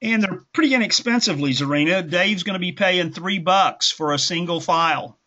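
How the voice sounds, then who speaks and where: This man's voice sits high and sounds brisk, bright, and forceful. He's the instructor hosting a group call, talking conversationally and folksily while rambling and self-correcting, all on dull lo-fi call audio.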